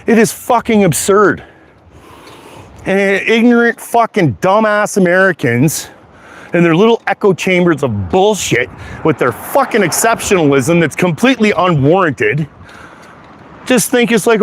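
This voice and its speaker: A man with a slightly high voice rants at the camera, angry and heated. He swears in almost every line and repeats himself as he builds up steam. He is walking down a sidewalk outside. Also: expressive, a little slow. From Canada. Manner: heated, profane, repetitive swearing.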